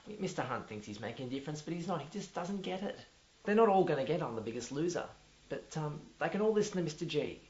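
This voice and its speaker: A man's voice: fairly high pitch, expressive, fast, darkish tone, lightly acted. A man with an Australian accent playing a pompous, self-important male drama teacher who rambles with many restarts. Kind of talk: mockumentary comedy. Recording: dull lo-fi audio in an echoey room with faint music.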